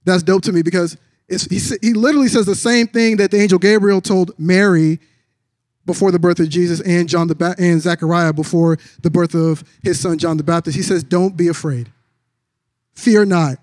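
A man preaching a sermon, telling a story with drops into a low, soft voice for quoted lines. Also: steady tone, normal speed, dry recording, studio quality. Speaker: pastor.

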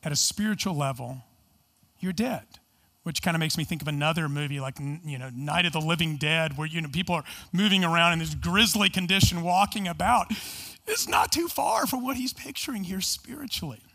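A man's voice: on the high side, lively intonation, fairly quick, gravelly, pushed and bright. A man preaching a sermon in an earnest, emphatic way, asking rhetorical questions and explaining scripture. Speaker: pastor.

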